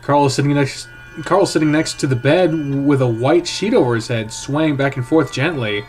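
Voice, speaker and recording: A man reading a visual novel aloud in first person, with a hushed, tense, dramatic delivery. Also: mid-range voice, a little fast, soft background music. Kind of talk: first-person story narration.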